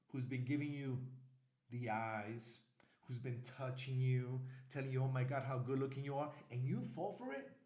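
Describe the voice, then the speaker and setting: Blunt New York man, animated. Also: medium pitch, echoey room. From New York, USA. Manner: animated, blunt, repeats warnings for emphasis. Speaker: travel vlogger. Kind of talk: casual direct-to-camera warning talk.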